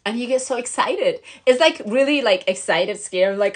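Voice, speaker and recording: A woman's voice: a little high, big pitch swings, unhurried, few pauses. A young woman giving casual, encouraging advice to camera as a lifestyle vlogger. She talks in a bubbly way, with lots of fillers and frequent laughs. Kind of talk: casual motivational talk to camera.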